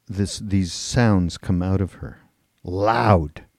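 Mellow-voiced man telling rambling stories. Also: deep voice, very slow, vocal fry, no echo, studio quality. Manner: loose, rambling anecdotes with frequent laughter and cursing. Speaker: podcast co-host. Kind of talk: casual storytelling chat.

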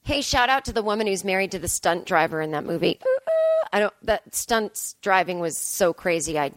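A woman's voice: on the low side, brisk, no room sound. A woman comedian hosting her podcast, telling a rambling, self-deprecating story and acting out her own lines. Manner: rambling, self-deprecating, animated quoting of herself. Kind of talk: casual storytelling monologue.

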